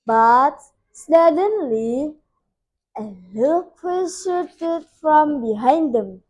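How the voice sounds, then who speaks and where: A woman's voice: high-pitched, expressive, drawn-out words, darkish tone, rough recording. A young woman with an Indonesian accent, a student reading a fairy tale aloud carefully, with small slips. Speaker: student storyteller.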